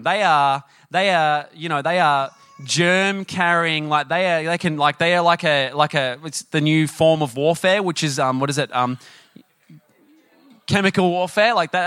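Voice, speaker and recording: Young Aussie male pastor, casual animated sermon delivery, bright and a touch high. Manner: chatty storytelling, animated, many fillers. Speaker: preacher.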